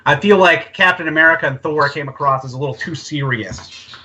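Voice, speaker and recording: A man's voice: a little high, a little fast, bright, forceful tone, dull audio. A man co-hosting a casual podcast chat, sharing rambling, thoughtful opinions. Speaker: podcast co-host.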